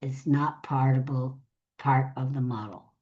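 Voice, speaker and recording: Low-voiced woman teaching speaking tips. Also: fairly even intonation, a little slow, warm tone, muffled recording. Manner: numbered tips, repeats key phrases, asks audience to check in. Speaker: speaker trainer. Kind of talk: live online teaching session.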